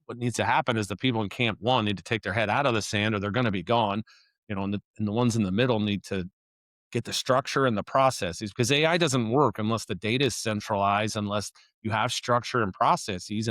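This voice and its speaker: Male podcast guest, low voice, dry close sound, easygoing explainer. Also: a little fast, fairly bright tone, no echo. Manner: conversational, restarts and "you know" often. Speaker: construction operations consultant, podcast guest. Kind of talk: casual interview talk.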